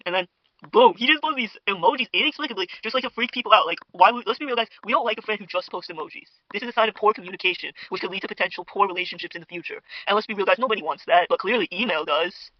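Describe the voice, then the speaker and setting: A young man with a high voice races through a gossipy, mock-outraged ramble as host of a parody internet drama commentary, packed with fillers and asides to viewers. He's at a home dinner table on a podcast mic, and the recording is dry with no room sound and muffled.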